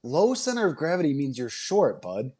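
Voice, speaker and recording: A male podcast co-host with a somewhat high-pitched voice. He chats casually and ribs his co-host with quick jokes. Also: sing-song, dark tone, husky. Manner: teasing, jokey banter. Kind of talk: casual sports-betting podcast chat.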